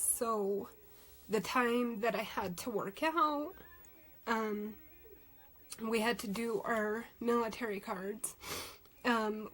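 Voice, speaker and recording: A woman's voice: on the high side, low-quality recording. A woman, chatting on a live stream while she cries and rambles with many fillers. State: crying. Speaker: vlogger doing a live stream. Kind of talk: casual live-stream chat.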